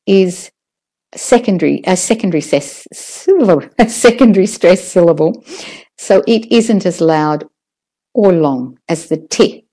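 A woman teaching English word stress in a recorded lesson, patiently modelling each word slowly. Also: fairly low pitch, warm tone. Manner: slow, patient, drawn-out model words. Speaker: pronunciation teacher.

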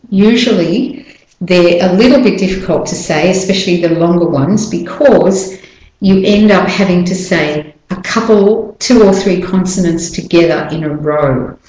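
A woman giving an audio pronunciation lesson, drawing out each model word slowly and carefully. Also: on the low side, a little mellow, roomy sound, low-quality recording. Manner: slow, careful, drawn-out model words. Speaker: pronunciation teacher.

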